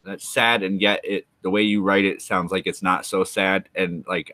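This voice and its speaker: A man's voice: deep voice, flat delivery, moderate pace, hardly any pauses, bright, forceful tone, dry recording. A man streaming live, rambling and joking through loose asides to his chat.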